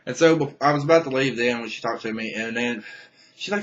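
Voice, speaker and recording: A man's voice: lowish voice, steady tone, a little fast, fairly bright tone, dull audio. Angry, swearing young man ranting. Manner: angry, profane, rambling with restarts. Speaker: vlogger. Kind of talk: casual rant to camera.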